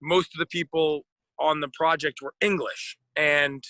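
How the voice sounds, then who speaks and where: An American actor chatting casually in an interview, rambling with lots of fillers and restarts. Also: male voice, on the high side, fairly even intonation, a little slow, pushed and bright, dry recording, low-quality recording. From United States.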